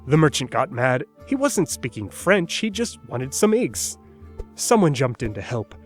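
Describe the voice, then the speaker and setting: A man's voice: mid-range voice, big pitch swings, measured pace, faint music behind. A man giving scripted narration for an educational video in a playful, wry explaining manner.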